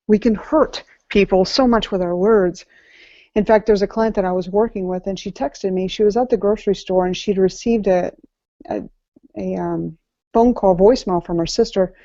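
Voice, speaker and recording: A woman life coach delivers a motivational talk at an event with a mellow, warm tone. She is earnest and repeats key lines for weight. The sound is dry and a little muffled. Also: mid-range voice, no room sound. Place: event venue before an audience. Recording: slightly muffled, dry recording.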